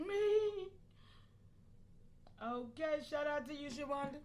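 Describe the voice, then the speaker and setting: A high-pitched woman speaking hosts a live stream. She talks animatedly, often breaking off to call out to her viewers and laughing between points. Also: animated, slow pace, pauses often, darkish tone. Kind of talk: casual live-stream talk to chat.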